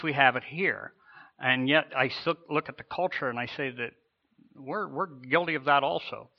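A man's voice: medium pitch, highs cut off. A man preaching a sermon as a pastor, earnest, often restarting and repeating words.

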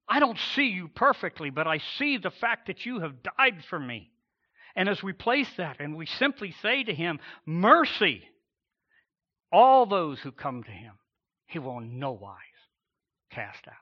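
A man preaching a sermon as pastor, emphatic, with dramatic pauses and swells in volume. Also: fairly high pitch, dull audio.

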